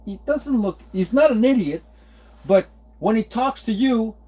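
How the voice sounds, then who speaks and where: A man's voice: high-pitched, lively intonation, measured pace, warm tone. A man in his forties, rambling in an exasperated way in a casual monologue, with many restarts. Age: 40s. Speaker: vlogger.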